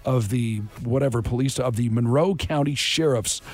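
A man hosting a morning radio show, chatting casually with quick, joking asides. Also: medium pitch, a little mellow.

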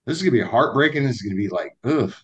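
A man co-hosting a podcast, talking in a rambling, animated way with lots of restarts. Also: mid-range voice, rapid-fire, dull audio. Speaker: podcast co-host. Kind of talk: casual chat.

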